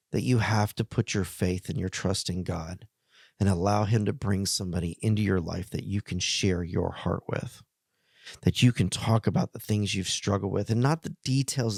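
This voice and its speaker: A man's voice: fairly low pitch, normal speed, creaky, darkish tone, no room sound. Middle-aged pastor guy talking to men, earnest, kinda emotional, plain dry sound. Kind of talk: heartfelt pastoral message to men.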